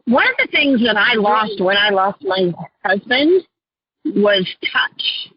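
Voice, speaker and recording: A woman life coach, a guest on an interview show, telling her clients' stories in an earnest, heartfelt way and often clearing her throat. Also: mid-range voice, very animated, takes it slowly, highs cut off.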